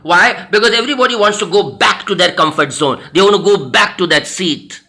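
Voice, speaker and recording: Quick and high-pitched with a sharp edge, an Indian English–accented man narrates a story as part of a motivational talk on personality development. Earnest throughout, he repeats phrases for emphasis.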